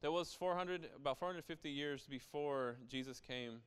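A man's voice: fairly high pitch, moderate pace, fairly bright tone, clean tone. A young adult man preaching a sermon as pastor, in a conversational style with frequent asides to the listeners.

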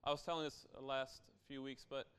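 A man's voice: medium pitch, little pitch movement, normal speed, a bit bright, smooth. A young adult man preaching a sermon as pastor, in a conversational style with frequent asides to the listeners.

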